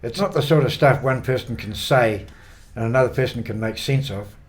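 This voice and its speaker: A man's voice: mid-range voice, a little fast, close to an everyday voice. Man putting on a laid-back Kiwi trekker mate. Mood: relaxed. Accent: New Zealand. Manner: offhand, blokey, casual.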